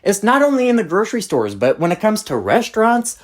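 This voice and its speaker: Exasperated ranting storyteller, lively pitch. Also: a little fast. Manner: exasperated, blunt, profane ranting. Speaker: channel host. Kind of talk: storytime rant.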